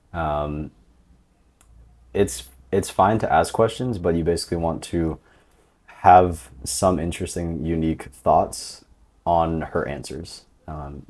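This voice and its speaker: Male coach, deep voice, relaxed instructional narration, casual fillers throughout. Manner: relaxed, loose, lots of fillers like "um" and "like". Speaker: dating coach.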